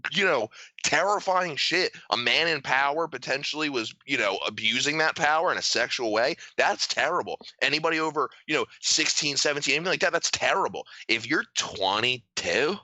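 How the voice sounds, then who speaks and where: A man's voice: mid-range voice, moderate pace, no room sound, rough recording. A young man co-hosting a podcast in casual chat, telling stories and acting out quotes in funny voices. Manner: animated storyteller, acts out quotes in voices. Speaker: podcast co-host.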